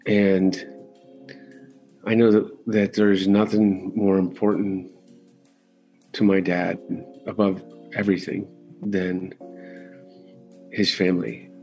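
A middle-aged man talking candidly as an interview guest, halting and restarting often as he searches for words. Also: low-pitched, flat delivery, warm tone, faint music behind. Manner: halting, with frequent restarts and fillers.

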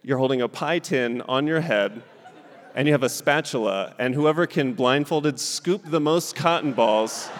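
A man's voice: medium pitch, unhurried, long reverb tail. A man in his thirties from Southern California, telling stand-up stories and laughing as he talks. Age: 30s. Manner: laughing, animated storytelling with character voices. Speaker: stand-up comedian and guest. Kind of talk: stand-up set then talk-show chat. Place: theater stage.

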